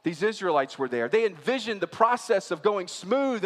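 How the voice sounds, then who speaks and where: High-voiced pastor preaching in a reverberant hall. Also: male voice, expressive, a little fast, few pauses, fairly bright tone. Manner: conversational preaching with rhetorical questions to the congregation. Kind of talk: sermon.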